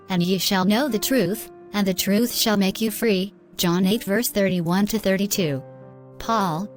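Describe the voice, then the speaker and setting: A woman giving a scripted, earnest devotional narration that urges listeners to keep going in their faith. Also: medium pitch. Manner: earnest, exhorting. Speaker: inspirational narrator.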